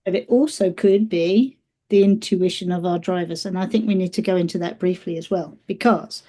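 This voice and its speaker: A woman's voice: on the low side, steady tone, normal speed, dark tone. A woman co-hosting a podcast, teasing her co-hosts and steering the discussion. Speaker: podcast co-host. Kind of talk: casual chat.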